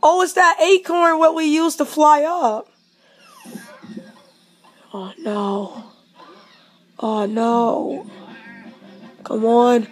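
A woman hosting a casual let's-play, excitedly reacting out loud to the game as she plays. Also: sits high, extremely slow, long pauses, soft background music. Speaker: gaming channel host.

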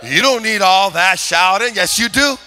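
A man preaching a sermon as pastor, shouting and building intensity in a church. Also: high voice, expressive, normal speed, soft background music. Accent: Californian. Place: church sanctuary.

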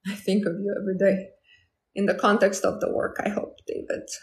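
A woman's voice: mid-range voice, little pitch movement, fairly quick, echoey room. A woman hosting a casual live stream as a manifestation coach, talking confidently and chattily to viewers. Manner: confident, chatty, acts out quoted lines.

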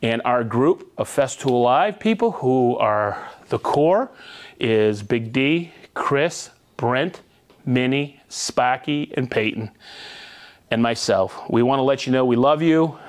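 A man hosting a live tool show, reading out viewer shout-outs in an upbeat, jokey way. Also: medium pitch. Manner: upbeat, jokey, reads viewer names and places quickly.

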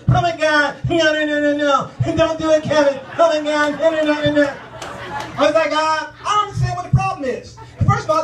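A man impersonating a loud, bragging male comedian who talks fast and indignantly. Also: very high-pitched. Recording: echoey club from far off.

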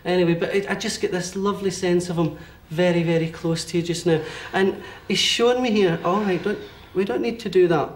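A man working as a medium, giving a one-to-one reading in halting bursts with frequent checks like "okay?". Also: high-pitched, steady tone, a little hiss or hum. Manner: hesitant, relays messages in bursts with many okays.

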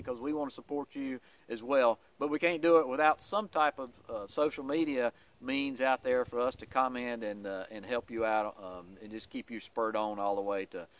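A man's voice: mid-range voice, dry recording. A man giving a casual weekly vlog update in a folksy, rambling way, with many "uh" fillers.

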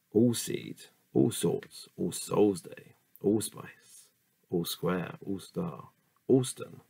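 A man works his way through dictionary entries at an unhurried pace, musing aloud between words. His voice is low with a gravelly fry. The recording is close and dry. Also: no room sound. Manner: reads word lists slowly with asides and musing. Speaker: reader of a dictionary. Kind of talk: casual solo reading.

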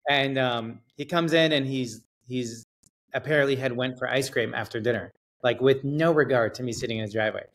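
A man guest on a podcast, telling a story in a casual, animated way, swearing and acting out what people said. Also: medium pitch, a little fast. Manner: animated storyteller, acts out quotes, swears, laughs. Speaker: realtor guest.

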